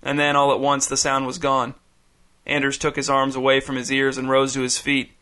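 A man narrating a story in a measured, even audiobook style. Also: mid-range voice.

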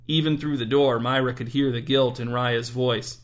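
A man narrating a story aloud in a dry, deadpan manner. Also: mid-range voice, moderate pace.

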